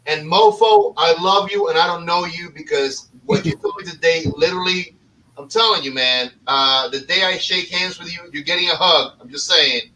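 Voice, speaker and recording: A man's voice: fairly high pitch, normal speed, bright, forceful tone, far from the mic, low-quality recording. A man hosting a casual podcast chat, effusive and enthusiastic. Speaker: podcast host and cigar shop owner.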